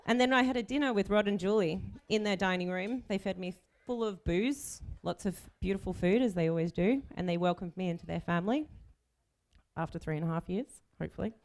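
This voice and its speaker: A woman's voice: mid-range voice, brisk, a little mellow. Nervous joking Australian woman giving a speech. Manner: nervous, self-mocking, joking. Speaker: chief bridesmaid. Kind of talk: wedding speech.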